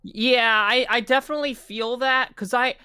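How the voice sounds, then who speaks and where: A woman hosting a casual podcast chat in a relaxed, conversational way. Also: on the high side, moderate pace, clear, resonant tone, dry recording, clean studio sound.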